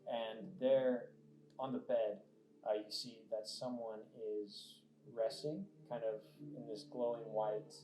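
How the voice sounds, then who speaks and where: A man's voice: medium pitch, fairly even intonation, slow pace, dark tone, a little hiss or hum. A man narrating a tabletop game as game master, casual with many fillers, in an echoey lo-fi recording. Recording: echoey lo-fi room with faint music.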